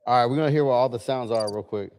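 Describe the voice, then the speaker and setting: A man's voice: mid-range voice, rapid-fire, darkish tone, smooth, no echo. A man hosting a casual livestream from a bar lounge, chatty and laid-back, testing his gear as he talks. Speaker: livestream host.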